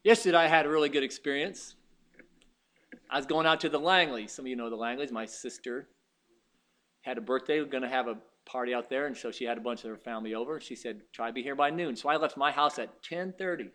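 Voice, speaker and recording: Animated preacher man with a bright voice. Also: fast talker. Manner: storytelling, swings from quiet asides to loud high exclamations. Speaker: pastor. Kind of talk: sermon.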